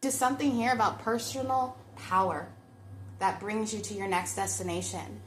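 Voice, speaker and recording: A tarot reader with a medium-pitched female voice talks at a normal pace through a chatty pick-a-card reading, speaking straight to her viewers in a reflective way. The room is echoey, with a faint hiss or hum underneath.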